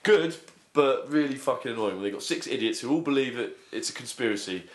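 A man's voice: mid-range voice, lively intonation, a little fast. A man ranting bluntly and swearing through a casual podcast chat. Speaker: podcast co-host. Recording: roomy echo.

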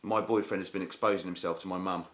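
A man's voice: deep voice, fairly even intonation, fast, fairly bright tone. A man telling stories in a dry, sardonic way during a casual podcast chat. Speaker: podcast co-host.

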